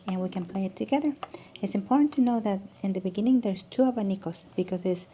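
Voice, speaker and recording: A woman's voice: mid-range voice, fast. A woman teaching a music lesson, demonstrating as she talks and often restarting her sentences. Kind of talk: instructional video lesson.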